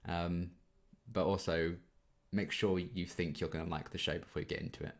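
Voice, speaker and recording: At a normal speed and in a deep, steady voice, a man in his twenties hosts a casual Q&A for his YouTube reaction channel. He reads questions from viewers aloud and answers chattily, with plenty of ums.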